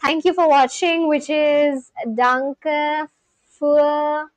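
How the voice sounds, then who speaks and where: High-voiced woman chatting on a livestream. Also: steady tone, no echo, poor audio. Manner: chatty, thinks aloud, sounds out foreign words slowly. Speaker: language-learning livestreamer. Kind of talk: casual livestream chat.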